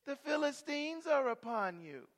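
A man's voice: extremely high pitch, very animated, unhurried, a bit bright, pitched above the performer's own voice, exaggerated voice. A male preacher voicing a young woman who nags and scolds her lover to get his secret. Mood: coaxing. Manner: nagging, wheedling, reproachful.

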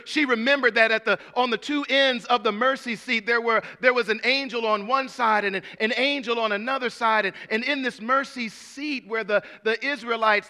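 A man's voice: extremely high pitch, sharp tone. A male pastor preaching a sermon in a conversational, humorous way, repeating and restarting words and calling listeners by name.

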